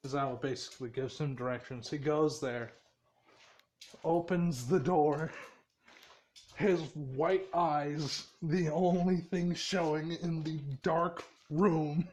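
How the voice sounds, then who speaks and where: A man's voice: on the high side, steady tone, takes it slowly, darkish tone, slight background noise. A man casually telling a fan story in a rambling, profane way, laughing often.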